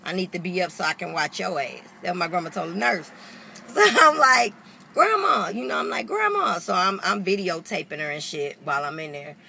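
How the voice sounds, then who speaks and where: A woman's voice: on the low side, brisk, creaky, crowd noise. A woman vlogger telling a story casually to the camera, swearing freely and acting out the people she quotes. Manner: animated, profane, acts out quotes.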